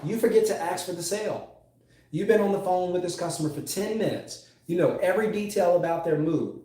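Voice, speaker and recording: A male sales coach delivers an emphatic, repetitive lesson in a mellow, fairly high voice. His words ring out in a very echoey room. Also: brisk. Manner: emphatic, repeats key phrases, drawls words for stress.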